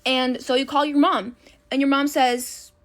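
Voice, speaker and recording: A young woman telling a school story in a casual, animated way, addressing the listener as "you". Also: high voice, measured pace. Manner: animated second-person storytelling.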